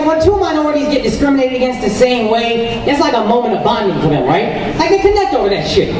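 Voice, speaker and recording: Brash comedian in an echoey hall. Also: male voice, extremely high pitch. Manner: brash, profane. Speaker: stand-up comedian. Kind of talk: stand-up and roast set. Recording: echoey, distant live venue with crowd. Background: crowd laughter, noise.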